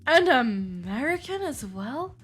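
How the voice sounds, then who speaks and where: Woman putting on a haughty old-world vampire man, game voice, fake English accent, high and sneering. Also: big pitch swings, slow pace, breathy edge, full character voice. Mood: scornful. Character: grumpy male vampire patient, old-world gentleman.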